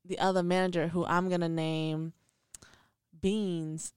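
A woman co-hosting a podcast, telling a story in animated, slangy casual chat with frequent laughs. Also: on the low side, unhurried, clear, resonant tone, dry recording, clean studio sound. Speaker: podcast co-host.

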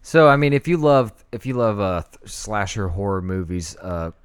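Laid-back man with lively intonation. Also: fairly low pitch, normal speed, clean tone. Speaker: podcast co-host asking questions. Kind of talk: casual chat.

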